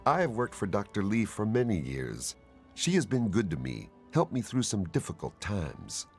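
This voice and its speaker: A man's voice: lowish voice, huge pitch swings, moderate pace, darkish tone, soft background music. An actor playing a loyal male helper in a video game, speaking in a formal, earnest, slightly stilted way.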